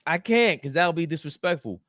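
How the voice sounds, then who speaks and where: A man's voice: on the high side, lively intonation, a little fast, fairly bright tone, no room sound, studio quality. A man hosting a casual sports talk show, loose and profane, laughing through his banter.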